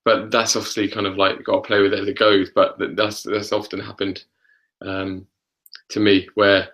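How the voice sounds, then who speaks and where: A man's voice: lowish voice, little pitch movement, normal speed, fairly bright tone, low-quality recording. A man, a vocal coach, talking casually on a webinar in an easygoing, encouraging way. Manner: easygoing, encouraging, hesitant fillers.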